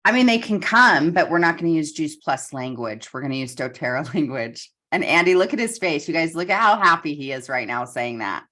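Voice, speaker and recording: Low-voiced woman, lively storyteller. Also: a little fast, hardly any pauses. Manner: animated storyteller, acts out quotes. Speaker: business coach. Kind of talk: casual coaching call chat.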